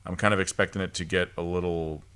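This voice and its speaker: A man's voice: low voice, steady tone, quick pace, fairly bright tone, clear, resonant tone. A man co-hosting a casual review podcast, rambling along with lots of ums and restarts. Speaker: podcast host.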